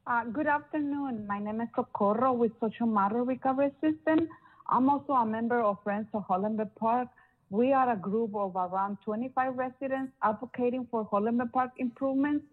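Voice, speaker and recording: A woman giving an earnest, slightly halting public comment over the phone. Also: fairly high pitch. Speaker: public caller. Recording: phone line.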